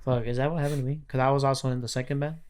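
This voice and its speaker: A man's voice: mid-range voice, fairly even intonation, racing, a little mellow, clean tone. A young man co-hosting a podcast, curious and asking questions in casual chat. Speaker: podcast co-host.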